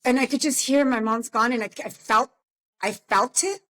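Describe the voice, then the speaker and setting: A woman's voice: on the high side, moderate pace, fairly bright tone. A woman co-hosting a podcast, telling a personal story in a reflective, subdued way. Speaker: podcast co-host. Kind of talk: casual podcast chat.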